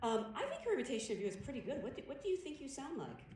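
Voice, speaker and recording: Lively woman moderator, echoey hall. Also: sits high, very fast, heavy background noise. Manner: enthusiastic, admiring questions. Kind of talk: hosting a panel Q&A. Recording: echoey hall, distant mic, loud audience.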